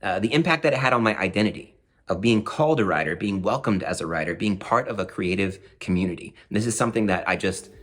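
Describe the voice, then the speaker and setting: Man telling a story, lively and chatty. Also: lowish voice, fast talker, faint music behind. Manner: animated, conversational, with asides. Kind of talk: personal storytelling.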